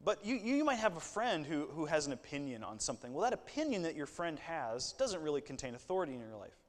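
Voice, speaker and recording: Man, pastor preaching, slightly high voice, casual asides and jokes, long reverb. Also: very animated, quick pace. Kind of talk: sermon.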